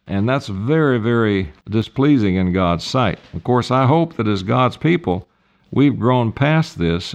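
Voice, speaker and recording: Man preaching with slow emphatic rises. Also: mid-range voice. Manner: reads King James verses then paraphrases in plain words; emphatic, slows down and rises for key points. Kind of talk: sermon reading and explaining scripture.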